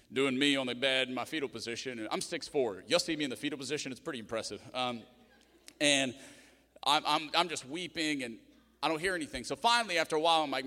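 Bright-voiced pastor preaching in an echoing hall. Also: male voice, medium pitch. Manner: storytelling with self-mocking humor. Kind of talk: sermon. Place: church auditorium. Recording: long reverb in a church hall.

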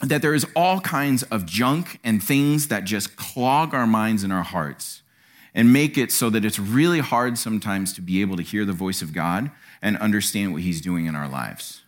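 A man preaching a sermon in a church, animated and acting out quotes. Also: moderate pace. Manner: animated, acts out quotes with sudden pitch jumps. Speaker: pastor.

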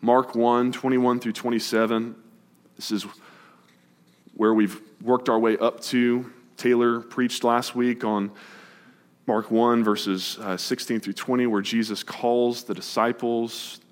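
A man preaching to his congregation, casual and brisk, moving quickly between scripture and plain explanation. His medium-pitched voice carries a long reverb tail off the walls of the church sanctuary. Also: flat delivery. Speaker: pastor. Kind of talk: sermon.

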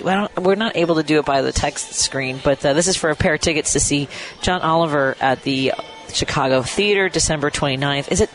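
A man's voice: fairly high pitch, fairly bright tone, poor audio. A man hosting a live radio call-in show from a restaurant, chatty, laughing often and correcting himself as he goes. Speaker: radio host.

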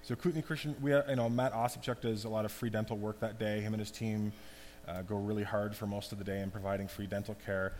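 A man giving a conversational, animated sermon as pastor. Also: lowish voice, quick pace. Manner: conversational, animated preaching with asides. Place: church hall. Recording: long hall reverb, faint hum.

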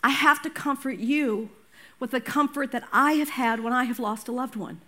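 An older woman pastor preaching a sermon in a lively, conversational way, breaking into personal stories and asides. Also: high voice, normal speed.

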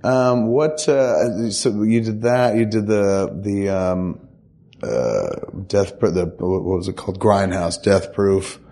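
A man hosting a casual interview, asking halting questions full of fillers. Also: lowish voice, dark tone. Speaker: podcast host.

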